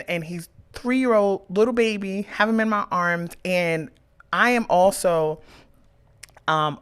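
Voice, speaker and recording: A woman in her thirties, a podcast host, telling a personal story with emotion and animated quoted dialogue. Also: fairly low pitch, clean tone.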